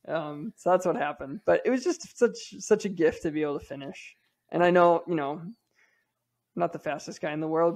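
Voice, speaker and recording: A man in his thirties tells a candid story in loose, casual podcast talk, leaning on fillers and laughing at himself. His voice sits a little high for a man and has a gravelly, creaky edge. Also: a little mellow. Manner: candid, self-deprecating, lots of fillers. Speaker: podcast regular telling a race story.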